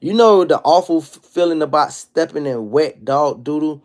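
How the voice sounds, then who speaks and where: A man in his thirties hosting a casual livestream monologue, telling stories in an animated, profane street style. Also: on the high side, moderate pace. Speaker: livestream host.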